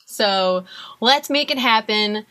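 Woman doing a warm, friendly German conductor with a simple German inflection, a quick impression. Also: on the high side, dry recording.

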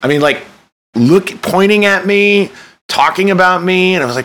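A man's voice: high-pitched, animated, moderate pace, a bit bright. A man telling a candid, self-mocking personal story, swearing freely and breaking into sudden emphatic bursts.

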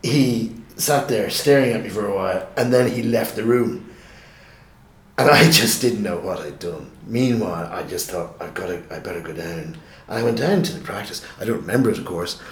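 Low-voiced man telling a rambling story. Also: animated, moderate pace. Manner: rambling, self-mocking, with restarts. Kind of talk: casual storytelling in conversation. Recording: roomy echo.

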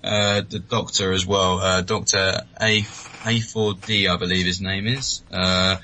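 A man's voice: deep voice, level tone, a little slow, sharp tone, a little hiss or hum, rough recording. A British man co-hosting a podcast, chatting enthusiastically and laughing easily. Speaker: podcast co-host. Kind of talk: casual podcast chat.

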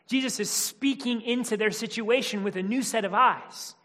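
High-voiced preacher in a reverberant hall. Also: male voice, moderate pace. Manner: shifts between hushed, whispered tenderness and loud emphatic preaching. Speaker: pastor. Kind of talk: sermon.

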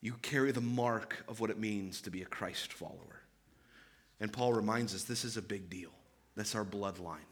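A man's voice: lowish voice, normal speed, breathy edge. A man in his thirties preaching a sermon, earnest and emphatic, with conversational asides and repeated phrases. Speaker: pastor.

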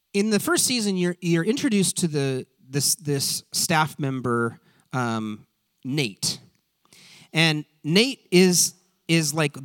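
A man preaching in a loose, casual way, animated and rambling with lots of fillers and restarts. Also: on the high side, dry recording. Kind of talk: casual sermon aside.

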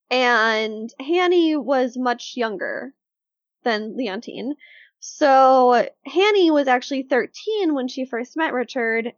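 A woman co-hosting a casual true-crime podcast, telling the case in a chatty, animated way with lots of fillers. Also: high voice, dry recording, dull audio.

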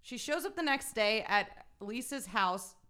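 A woman's voice: fairly high pitch, a little slow. A woman on a podcast casually recapping a movie, swearing and laughing as she goes. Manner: lively, profane, laughs often. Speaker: podcast co-host.

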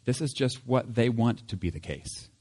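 A man reading scripture and then teaching in a relaxed, chatty way, laughing now and then. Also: medium pitch, moderate pace, breathy edge, big-room sound. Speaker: pastor.

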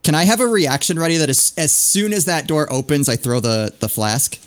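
Eager player guy, kinda high voice, lots of ums. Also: fairly quick. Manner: eager, hesitant with fillers. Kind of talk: casual tabletop game chat.

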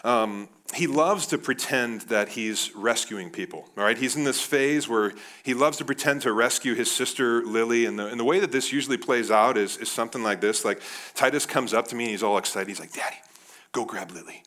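Animated man preaching a sermon. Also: mid-range voice, brisk. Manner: animated, addresses the crowd as guys. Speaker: pastor.

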